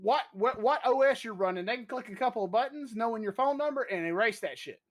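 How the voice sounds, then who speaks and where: A podcast host spinning an anecdote with plenty of swearing and lively explanation. The delivery is loose, chatty and confident, the way someone talks when recounting something that happened to them. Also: medium pitch, fast talker. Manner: profane, animated anecdote-telling. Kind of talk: casual storytelling chat.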